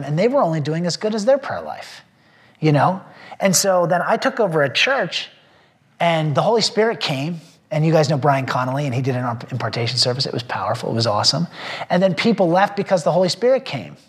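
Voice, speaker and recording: A man, a pastor, sharing a personal testimony with a small group, earnest and rambling with many fillers and restarts, emotional at times. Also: a little high. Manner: emotional when telling faith stories.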